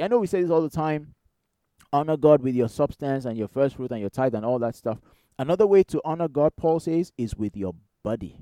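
A man preaching a sermon in a conversational, animated way, firing rhetorical questions at the congregation. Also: on the high side, brisk, dry recording. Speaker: pastor.

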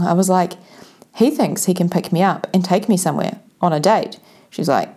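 A young adult woman casually telling a self-mocking personal story to her viewers, animated and laughing often. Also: fairly low pitch, moderate pace.

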